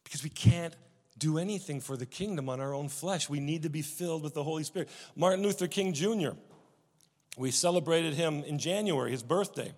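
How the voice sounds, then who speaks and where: A man preaching a sermon, telling stories with many restarts and swings from loud emphasis to hushed tones. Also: fairly high pitch, fairly quick, long reverb tail. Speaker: pastor.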